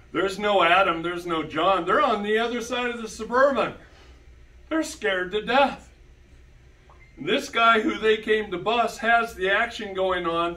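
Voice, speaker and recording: A man giving an animated storytelling talk to an audience, emphatic and repeating key words. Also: high voice, roomy sound, distant mic, poor audio. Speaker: speaker presenting to an audience.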